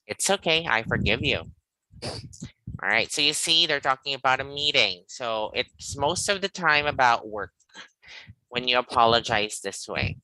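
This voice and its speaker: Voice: medium pitch, animated, normal speed, pushed and bright, no room sound, rough recording. An English teacher leading a live online lesson, patient and guiding, checking in often with "okay" and "all right.".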